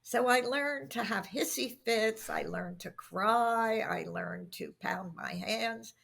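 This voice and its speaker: A woman's voice: on the high side, takes it slowly, creaky, breathy edge. A middle-aged woman, a guest on a podcast interview, telling workplace anecdotes and acting out the quotes in them. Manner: animated anecdotes with acted-out quotes. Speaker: guest expert on workplace communication.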